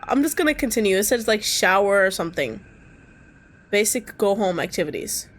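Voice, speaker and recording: A streamer with a mid-range voice reads a visual novel's text out loud at a fairly quick pace, reacting as she goes. She alternates calm narration with loud, laughing, squealing outbursts, and her casual asides include cursing.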